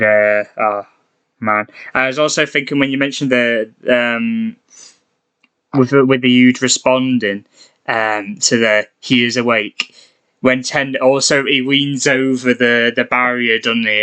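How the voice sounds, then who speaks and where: A man co-hosting a podcast in casual chat, agreeable and quick to laugh. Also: mid-range voice, steady tone, pushed and bright, clear, resonant tone. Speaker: podcast co-host.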